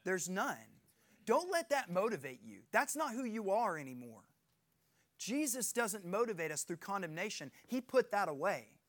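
A man's voice: high-pitched, big pitch swings, normal speed, fairly bright tone. A middle-aged man preaching a sermon as pastor, earnest and emphatic, pressing his points harder as he goes.

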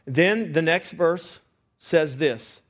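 A pastor preaching a sermon, swinging between loud emphasis and hushed asides and asking rhetorical questions. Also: male voice, fairly high pitch, very slow. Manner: asks the congregation rhetorical questions.

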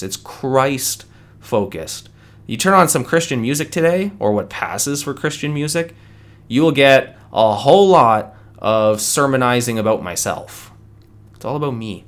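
A man's voice: mid-range voice, expressive, measured pace. A man hosting a solo podcast, arguing his view in an earnest, conversational way with many restarts. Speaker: podcast host. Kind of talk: solo opinion podcast monologue.

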